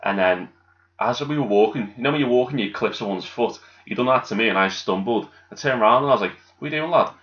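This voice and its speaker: A cheeky man with a Merseyside accent spins jokey anecdotes in a low-pitched voice. The recording sounds muffled and lo-fi. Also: quick pace, a bit bright. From Birkenhead, England. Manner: cheeky, jokey, acts out quotes in a raised voice. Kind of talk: casual storytelling chat. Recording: dull lo-fi sound.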